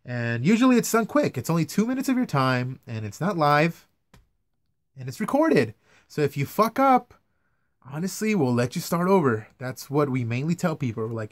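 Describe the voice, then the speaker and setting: A man's voice: medium pitch, very animated, normal speed, no echo. Profane, exasperated young man ranting. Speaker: vlogger, news camera operator. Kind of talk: casual rant to camera.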